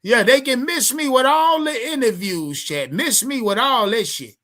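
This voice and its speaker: A man streaming to his chat, ranting hard about his football team. His voice swings widely in pitch, and his tone is bright and forceful. He swears freely and circles back over the same points. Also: animated, moderate pace. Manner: heated, swearing, repetitive, talks to chat. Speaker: sports fan streamer. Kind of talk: profane livestream sports rant.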